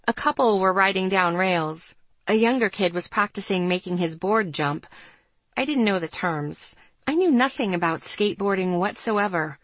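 Woman narrator, mid-range voice, first-person audiobook, steady and even, dry recording. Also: medium pitch, no echo.

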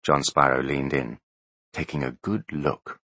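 A man narrating a story aloud in a scripted, expressive storytelling manner. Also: a bass voice, measured pace, dry recording. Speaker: audiobook narrator.

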